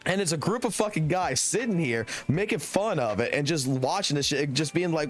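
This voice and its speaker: Young male streamer, slightly high and very lively delivery, crude rambling storyteller. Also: brisk, soft background music. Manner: profane, rambling anecdote with laughs. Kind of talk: casual storytelling on a live stream.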